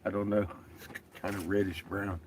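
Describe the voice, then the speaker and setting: A man's voice: fairly low pitch, flat delivery, moderate pace, a little mellow, slight background noise. A man chatting casually on his vlog, telling stories with lots of swearing and laughter, acting out what others said. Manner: profane, laughing storyteller, quoting others. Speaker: vlogger. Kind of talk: casual chat.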